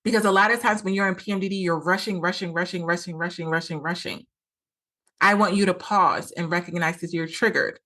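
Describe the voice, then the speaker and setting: A woman's voice: mid-range voice, fairly even intonation, quick pace, hardly any pauses, pushed and bright. A woman hosting a solo podcast, talking earnestly as a coach and acting out quoted lines with a lot of repetition.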